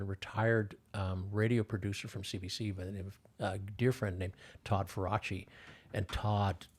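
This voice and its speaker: A deep, slightly rough and a little mellow voice belongs to an older man, a filmmaker guesting on a podcast. In this casual storytelling interview he rambles, stopping to restart and using lots of fillers.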